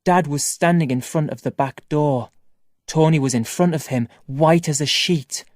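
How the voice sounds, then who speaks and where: A reader narrating a first-person graded-reader story for language learners, reading slowly and clearly. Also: medium pitch, darkish tone, dry recording, studio quality. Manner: slow, clear, carefully paced reading. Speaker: audiobook reader.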